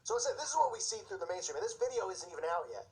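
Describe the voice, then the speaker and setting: A man's voice: high-pitched, sing-song, very fast, poor audio. A man giving impassioned video commentary, fired up and sarcastic, slipping into mocking voices. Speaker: Christian commentator.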